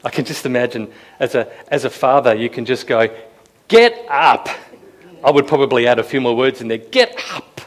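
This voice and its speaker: Speaking quickly with few pauses, a man in a mid-range, fairly even voice delivers a sermon to a live audience in a room. He keeps it conversational and relaxed, repeatedly questions his listeners, and raises his voice to act out quotes.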